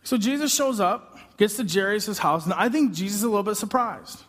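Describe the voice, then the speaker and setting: A man preaching a sermon as a pastor, telling the story in an animated, humorous way with quick asides. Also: sits high. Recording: long hall reverb.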